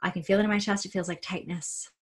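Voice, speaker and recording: A woman coach leading a guided tapping exercise, talking listeners through it with slow, repeated cues. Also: mid-range voice, fairly even intonation, slightly rough. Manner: slow, repetitive guiding cues. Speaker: coach and trainer.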